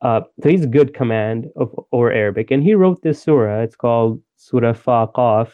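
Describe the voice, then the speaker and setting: A man hosting a casual podcast chat, explaining at length with hesitant pauses. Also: medium pitch. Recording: dull lo-fi audio.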